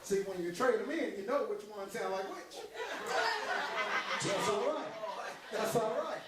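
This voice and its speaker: Heard from a distance in a very echoey hall, a man's high voice moves at an unhurried pace over heavy background noise. He's an actor on a theater stage, giving a joking live stand-up impression of a veteran male comic who teases the crowd and then turns reflective.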